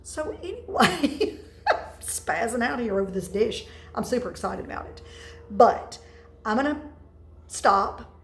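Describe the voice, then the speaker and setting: A woman, chatting excitedly and telling stories while cooking in her home kitchen. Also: mid-range voice, measured pace, creaky, pauses often, a little hiss or hum, poor audio. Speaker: home cook host. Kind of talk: casual cooking video chat.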